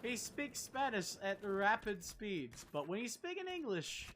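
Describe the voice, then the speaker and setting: A young man with a fairly high voice rambles through casual gameplay commentary, swearing now and then and answering his chat as he plays. A steady hiss of background noise sits under the recording. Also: measured pace. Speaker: streamer.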